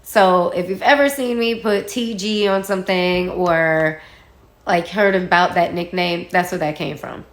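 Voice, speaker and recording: A woman casually telling a personal story, animated and acting out what others said. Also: on the low side, a little slow. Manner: animated, acts out quoted dialogue, laughs while telling. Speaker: guest storyteller. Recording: roomy echo.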